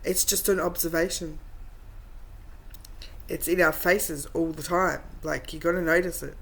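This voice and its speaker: A woman's voice: deep voice, fairly even intonation, unhurried, creaky, a bit bright, rough recording. Sarcastic woman mocking a streamer. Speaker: reaction commentator. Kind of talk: sarcastic commentary over a stream.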